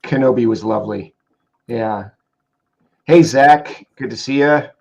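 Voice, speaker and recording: A man co-hosting a casual livestream chat, reading out viewer comments with quick asides. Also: medium pitch, creaky, a little mellow, dull audio. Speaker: co-host reading viewer questions.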